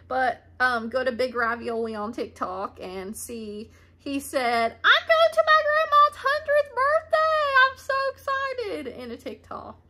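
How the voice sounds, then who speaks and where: Bright chatty young woman vlogging. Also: a little high. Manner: chatty, rambling, laughs often. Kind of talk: casual storytime monologue. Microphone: camera mic.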